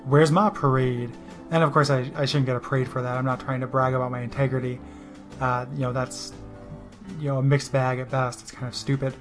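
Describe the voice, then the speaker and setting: A man's voice: medium pitch, flat delivery, a little fast, over music. A man telling a personal story in a rambling, self-deprecating way, full of "you know" and restarts. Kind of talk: casual spoken monologue.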